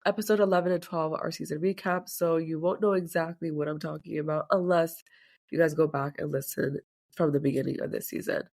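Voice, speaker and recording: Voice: medium pitch, steady tone, a little fast, gravelly, darkish tone. Podcast host, congested, stuffy sick voice, chatty, rambling, casual solo talk. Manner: chatty, rambling, says "like" often.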